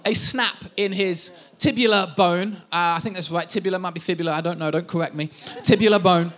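A man's voice: sits high, a little fast, a bit bright. A man in his thirties, a pastor, preaching a sermon and telling family stories with self-deprecating humor.

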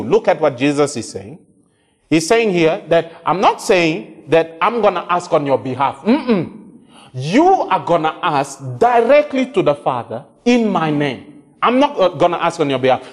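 A male preacher giving an animated sermon, acting out prayers and dialogue in shifting voices. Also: a little high, a little slow. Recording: long hall reverb.

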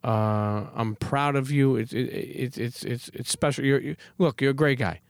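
A man's voice: mid-range voice, normal speed, dry recording. Casual host man with dry close sound. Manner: loose, swearing, repeats himself. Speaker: podcast host. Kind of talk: casual interview chat.

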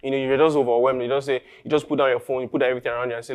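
A pastor with a Nigerian English accent, preaching a sermon that builds from quiet musing to loud, emphatic declaration. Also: male voice, mid-range voice, level tone, racing, clean tone. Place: church.

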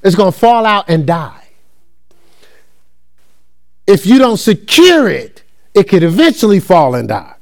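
A man's voice: high voice, a little slow, creaky, long pauses. A man preaching a conversational sermon, repeating phrases and checking in with his listeners as he teaches. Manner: animated, repetitive, conversational preaching with call-and-response.

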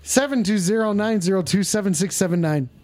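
A man hosting a livestream call-in show, talking to his chat in a rambling, exasperated, profane way, stretching some lines out and rushing others. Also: sits high, a little mellow, faint music behind. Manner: profane, exasperated, scolding viewers; drawn-out emphatic lines mixed with quick asides. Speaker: livestream host taking call-ins.

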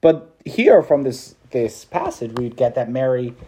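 Casual, mellow-voiced male priest. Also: mid-range voice, sing-song, a little slow, breathy edge. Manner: casual, chatty, with laughs and slang. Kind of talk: preached meditation to students.

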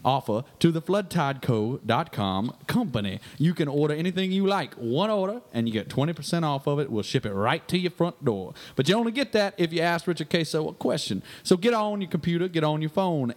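A man's voice: a little high, natural voice. A man playing a brash redneck fishing guide. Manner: crude, rambling, brash. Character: boastful redneck male fishing guide, crude. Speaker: guest fishing guide on a radio show. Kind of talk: comedy radio sketch.

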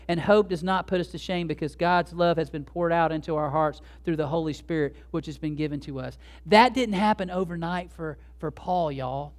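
A man preaching a sermon, telling stories and acting out the people he quotes, with loud bursts of emphasis. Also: a little high, steady tone, moderate pace, hardly any pauses. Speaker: pastor.

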